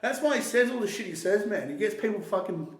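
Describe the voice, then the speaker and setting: Rambling, animated man in a roomy space. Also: high voice, fast talker. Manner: rambling, animated, swears often, trails into restarts. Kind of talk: casual conversation. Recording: echoey roomy sound.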